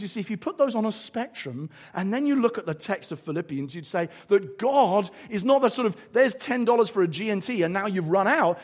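Preaching a sermon in an English accent, this man has a high voice with a breathy edge. He weaves stories together with animated energy, performing small acted-out asides.

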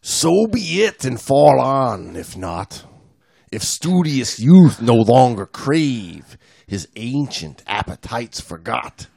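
A man co-hosting a podcast, reading old verse slowly and theatrically, then chatting with fillers. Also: medium pitch, sing-song, creaky, a little mellow, no echo, studio quality. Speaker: podcast co-host. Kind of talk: casual chat and recited verse.

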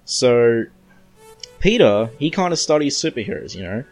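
A man's voice: mid-range voice, very animated, normal speed, a little mellow, soft background music. An Australian man casually recapping and reviewing a comic book issue in a chatty, rambling way. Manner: chatty, rambling, reads comic lines aloud.

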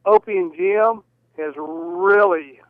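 A man in his fifties calls in over a thin, tinny phone line, his voice sitting fairly high. He speaks politely and haltingly, pausing between his thoughts. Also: dry recording. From Georgia, US. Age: 50s. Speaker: caller. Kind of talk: radio call-in. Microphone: telephone.

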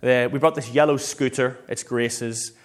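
A man, a pastor preaching a sermon in a lively, conversational way. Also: mid-range voice, unhurried.

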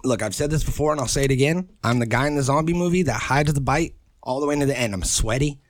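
A man co-hosting a podcast, trading jokes and curses in loose banter and coughing now and then. His voice sits at an ordinary pitch, recorded close and dry with no room sound. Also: fast talker, no echo. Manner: joking, swearing, laid-back banter. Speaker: podcast co-host. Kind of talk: casual chat.

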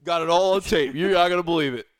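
A man's voice: fairly high pitch, fast, smooth, no echo. A man co-hosting a podcast, chatting casually with a teasing, profane sense of humor. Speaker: podcast co-host. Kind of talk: casual banter.

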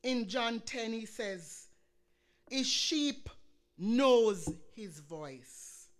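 A woman's voice: on the high side, lively intonation, extremely slow. A woman preaching a sermon, quoting scripture and building to fervent emphasis.

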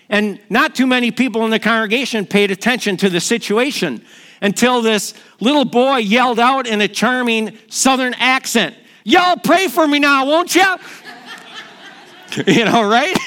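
A middle-aged man preaching a sermon in a lively, story-telling way, acting out the quotes in his stories. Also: extremely high pitch. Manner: storytelling, energetic, acts out quotes. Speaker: pastor.

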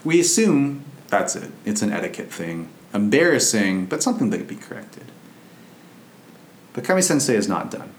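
A Buddhist monk with a lowish voice tells a story from his training in a loose, chatty Dharma talk. The sound is roomy and echoey, with a faint low rumble underneath. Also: big pitch swings, normal speed. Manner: conversational, loose and anecdotal.

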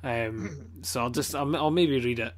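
A man's voice: mid-range voice, measured pace. A man with a Scottish accent chatting casually as a podcast co-host, blunt, swearing a lot and rambling with plenty of fillers. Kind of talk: casual chat.

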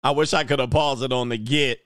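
A man's voice: medium pitch, fairly even intonation, brisk, a bit bright, no room sound, clean studio sound. A man hosting a casual reaction show, joking in slang and often laughing as he comments on clips. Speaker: commentary host.

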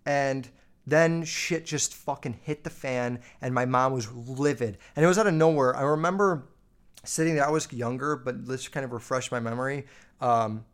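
A man's voice: medium pitch, normal speed. A man hosting his own podcast, telling family stories in a loose, profane, filler-heavy way. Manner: swears constantly, lots of fillers. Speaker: podcast host. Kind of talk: casual storytelling.

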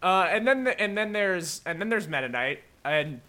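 A man's voice: sits high, lively intonation, moderate pace, pushed and bright. A young man co-hosting a casual podcast chat in an easygoing way, laughing now and then. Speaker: podcast co-host.

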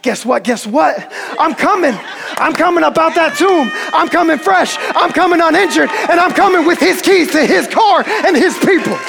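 A man's voice: very high-pitched, lively intonation, normal speed, vocal fry, pitched above the performer's own voice, heavily acted. A man voicing a triumphant male savior figure who talks in bold, repetitive rallying cries. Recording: long hall reverb.

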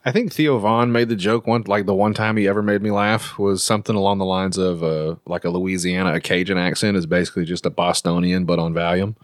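Deep-voiced man cracking crude jokes. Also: fairly even intonation, a little fast, hardly any pauses, no echo, studio quality. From Arkansas. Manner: blunt crude wisecracks. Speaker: podcast guest. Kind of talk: casual comedy podcast chat.

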